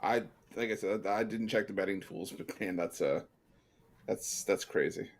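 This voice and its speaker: A man's voice: lowish voice, moderate pace. A man co-hosting a sports betting show, joking and laughing through loose banter. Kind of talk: casual sports betting chat.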